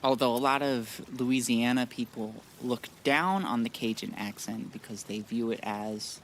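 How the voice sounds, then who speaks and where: A man's voice: medium pitch, moderate pace, a bit bright, a little hiss or hum. A man streaming a modded game, chatting casually in a rambling, blunt way with frequent restarts. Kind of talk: casual live-stream chat.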